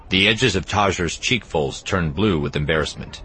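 A man narrating an audiobook in an expressive, even storytelling manner. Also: low voice, moderate pace, slight background noise. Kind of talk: scripted narration.

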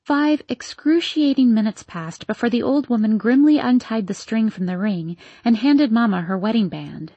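Woman reading an audiobook, breathy, dry close mic, storytelling voice. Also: a little high, no room sound, dull audio. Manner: measured, expressive storytelling. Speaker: audiobook narrator. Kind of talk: scripted first-person story narration.

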